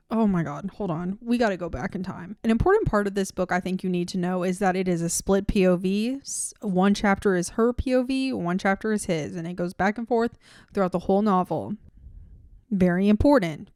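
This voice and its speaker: A woman at a mid-range pitch talks through a book review in a casual vlog. She is chatty and sarcastic and reacts with plenty of exaggeration. The recording is dry, with no room echo. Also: a little mellow.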